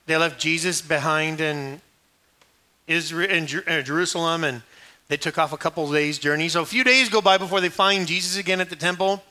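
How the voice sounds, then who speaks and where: Guy preaching, kinda high voice, super bright and sharp, jokey storyteller vibe. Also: brisk. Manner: animated, joking storyteller who acts out quoted voices. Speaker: pastor. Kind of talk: sermon.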